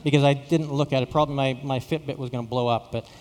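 A man's voice: medium pitch, steady tone, fast talker, a little mellow, long reverb tail. A middle-aged man from Saskatchewan, a pastor telling a story in a sermon, often repeating words with self-deprecating humor. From Saskatchewan, Canada.

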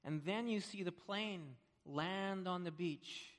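A man with a high voice preaches a sermon, drawing listeners in with vivid stories and swinging from hushed to loud. His words ring out with a long reverb, as if spoken in a large church sanctuary. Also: slow pace. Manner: animated storytelling, swings between hushed and loud. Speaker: pastor.

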